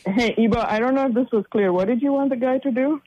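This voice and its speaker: A man's voice: extremely high pitch, fast, a little mellow, muffled recording, a little hiss or hum. A man co-hosting a sports talk radio show, needling his partner with dry teasing humor. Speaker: radio co-host.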